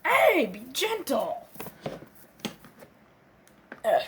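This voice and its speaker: A woman performing a comedic skit, voicing quarrelling characters with cursing, yelps and shouting outbursts. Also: high voice, huge pitch swings, drawn-out words, very noisy.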